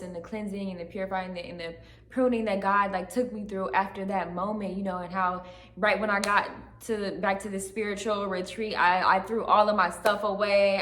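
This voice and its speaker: A woman's voice: mid-range voice, a bit bright. Earnest woman giving testimony in echoey room. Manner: earnest, repeats "right?" and "like". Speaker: channel host giving testimony. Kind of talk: emotional personal testimony to camera. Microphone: camera facing her.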